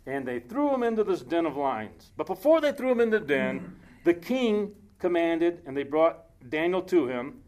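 A man preaching a casual sermon, reading scripture aloud slowly and breaking off into joking asides. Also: on the high side, big pitch swings, darkish tone.

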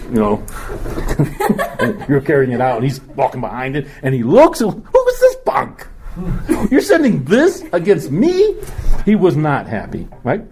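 A man's voice: medium pitch, darkish tone. A man teaching a Bible lesson in a chatty, joking way, often laughing.

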